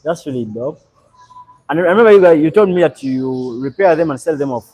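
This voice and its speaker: A young man from Uganda, hosting a live stream and chatting in a relaxed, rambling way as he answers viewers. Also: fairly high pitch, a little fast, poor audio. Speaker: livestream host. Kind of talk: casual live stream chat.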